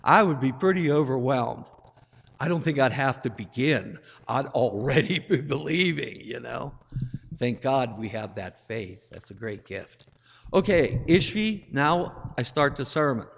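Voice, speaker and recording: Slow-speaking priest in an echoing church. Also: male voice, medium pitch, animated, creaky, slight background noise. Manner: slow, deliberate delivery with emphatic rises. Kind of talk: gospel reading and sermon. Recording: echoey church hall, long reverb.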